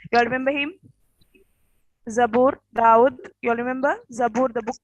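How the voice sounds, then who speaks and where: A woman teacher with a rough morning voice tells a story to her class in a casual way, often saying "okay" and stopping to ask the class questions. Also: a little high, fairly even intonation, brisk, dry recording, muffled recording. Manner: peppers speech with "okay" and quiz questions.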